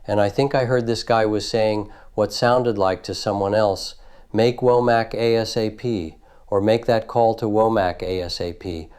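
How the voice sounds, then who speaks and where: A man in his thirties giving grand jury testimony, recounting a night in halting detail and often repeating himself. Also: on the low side, a little mellow. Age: 30s. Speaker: witness testifying. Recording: old archival audio.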